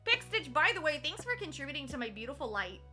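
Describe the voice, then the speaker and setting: Young woman streamer, high piercing voice, chatty and teasing, swears freely, crafting on stream. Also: very animated, fast talker, bright, forceful tone, soft background music. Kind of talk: casual live-stream chat while cross-stitching.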